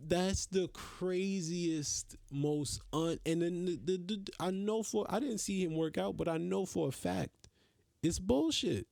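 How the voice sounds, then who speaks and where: A man's voice: high voice, measured pace, creaky, darkish tone, no echo. A man hosting a podcast, ranting in a casual, profane, exasperated way. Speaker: podcast host. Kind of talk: casual solo rant.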